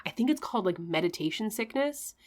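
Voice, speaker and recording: A woman's voice: mid-range voice, lively intonation, brisk. A woman co-hosting a podcast in casual chat, talking loosely with lots of "like" and "you know". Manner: chatty, hedging with "like" and "you know". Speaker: podcast co-host.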